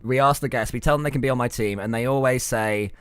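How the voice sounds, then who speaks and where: A man's voice: mid-range voice, fast talker, smooth, no room sound. A man co-hosting a podcast, teasing and jokey, making fun of himself in casual banter. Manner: teasing, jokey, self-mocking. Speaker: podcast co-host.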